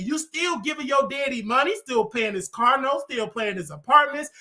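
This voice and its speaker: High, bright-voiced man ranting. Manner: heated, repetitive, mocking. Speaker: show host. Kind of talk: commentary rant.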